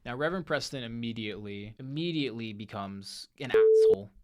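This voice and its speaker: A young man hosting a movie review show, retelling a film's plot in a casual, animated monologue and briefly acting out the characters' lines. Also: mid-range voice, a little fast, smooth. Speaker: podcast host reviewing movies.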